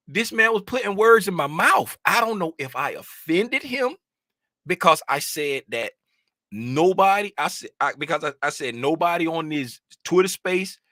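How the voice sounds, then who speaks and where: Lively, bright-voiced male livestream host. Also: sits high, dry recording, studio quality. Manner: rambling, animated, gets loud when fired up. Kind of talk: casual livestream chat. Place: home desk with monitors.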